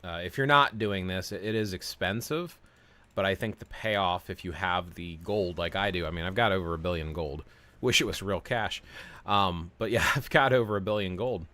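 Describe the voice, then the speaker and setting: A man's voice: low-pitched, normal speed, sharp tone. A man in his forties chatting casually on a game livestream, explaining what he does while answering viewers. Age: 40s. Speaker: game streamer.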